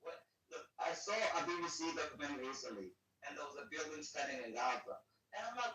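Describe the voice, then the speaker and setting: A man's voice: a little high, animated, fast, sharp tone, slight background noise. A man speaking as a guest on a podcast, heated and repetitive, swearing heavily. He is recorded in an echoey room with the mic at a distance. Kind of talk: profane political podcast chat.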